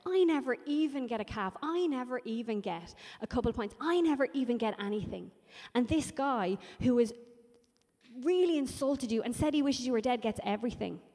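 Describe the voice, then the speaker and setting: A woman's voice: fairly high pitch, lively intonation, brisk, dark tone, pitched above the performer's own voice. A woman doing a bitter, aggrieved older brother. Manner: aggrieved, complaining. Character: resentful faithful older son, young man. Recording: long hall reverb.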